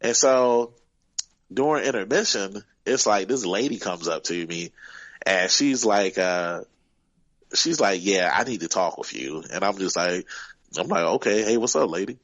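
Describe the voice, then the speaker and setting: A man's voice: low-pitched, lively intonation, measured pace, a bit bright, dry recording, dull audio. A man, a guest wrestler, telling stories casually in an interview, rambling with many fillers.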